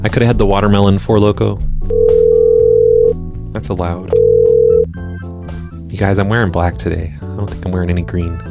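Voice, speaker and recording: A man hosting a live radio show and making prank phone calls, speaking deadpan and often stumbling over his words. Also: sits low, normal speed, creaky, long pauses, loud music behind the voice. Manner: deadpan, stammers and repeats words. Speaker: prank-call radio host.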